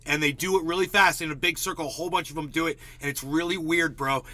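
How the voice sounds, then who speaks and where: Bright-voiced chatty man saying "bro". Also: fairly high pitch, fairly even intonation, fast. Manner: rambling, says "like" and "bro" a lot. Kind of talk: casual chat about music.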